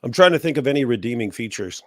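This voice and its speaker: A man's voice: mid-range voice, animated, quick pace, a bit bright, no room sound, studio quality. Sarcastic American man with a cold. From United States. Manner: sarcastic, mocking. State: has a cold. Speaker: guest. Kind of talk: casual chat.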